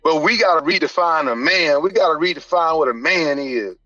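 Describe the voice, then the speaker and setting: High, bright-voiced man, fired up. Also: brisk, no echo, muffled recording. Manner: passionate and emphatic, often rising to near-shouting like a preacher. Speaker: strength and conditioning coach, podcast guest. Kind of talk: candid podcast conversation.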